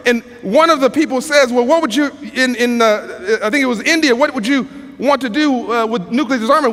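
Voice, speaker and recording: An earnest American man tells a story as a motivational speaker, often restarting his words and pausing for effect. His voice sits very high for a man. A long reverb from a large hall hangs behind every phrase. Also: fairly bright tone. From United States. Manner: earnest, with repeated restarts and dramatic pauses. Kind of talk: storytelling speech.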